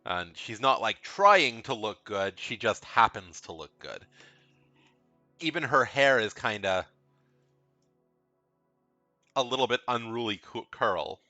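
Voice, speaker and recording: A man's voice: medium pitch, lively intonation, unhurried, bright, forceful tone, dry recording, muffled recording, soft background music. A man giving casual, rambling commentary as he ranks video game characters, frank and blunt, often repeating himself. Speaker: video game tier list creator.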